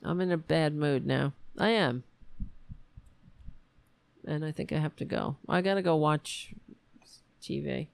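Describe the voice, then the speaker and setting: A frustrated woman hosts her show from a room at home, rambling and swearing as she talks. Her voice is low and gravelly, and she speaks slowly. The sound is dry and close. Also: dry recording. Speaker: show host. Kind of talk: casual livestream chat.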